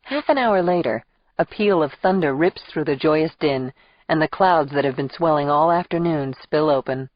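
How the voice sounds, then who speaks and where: Female first-person thriller narrator with a deep voice and a dry, slightly muffled sound. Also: moderate pace, no room sound. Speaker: audiobook narrator.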